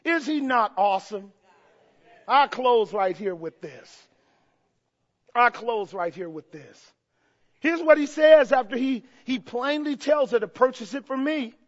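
High-voiced, fervent male preacher. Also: animated, measured pace. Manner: fervent, swings from hushed to shouting; asks the congregation rhetorical questions. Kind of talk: sermon. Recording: dull lo-fi recording.

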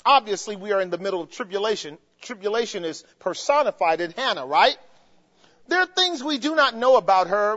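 High-voiced preacher in an echoing hall. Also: male voice. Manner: animated preaching, laughs and mimics voices. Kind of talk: sermon. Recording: muffled long reverb in a hall.

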